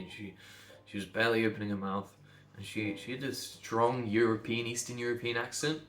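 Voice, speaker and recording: A man from England, a speech coach, talking bluntly and emphatically to camera, sometimes building to loud outbursts. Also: lowish voice, roomy sound.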